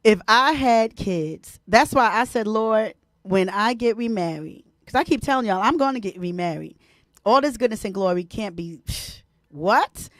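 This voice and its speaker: Woman, host, animated casual chat, wide-ranging pitch. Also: normal speed, no echo, clean studio sound. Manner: animated, laughs often, talks to viewers by name. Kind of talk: casual live-stream chat.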